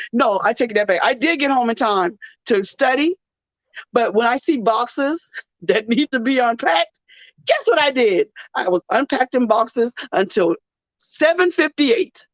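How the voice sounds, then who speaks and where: A woman's voice: a little high, lively intonation, dry recording. A tired woman hosts a faith-based talk show, stumbling through restarts and fillers as she holds back tears. Her voice comes through a dull, lo-fi phone recording with a dry, close sound. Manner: halting, many restarts and fillers. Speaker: radio show host.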